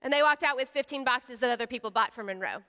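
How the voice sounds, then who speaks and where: A woman's voice: a little high, quick pace. A woman preaching a sermon, telling stories and acting out the voices of her characters. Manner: animated, acts out voices of characters. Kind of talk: sermon with storytelling. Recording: large hall with long reverb.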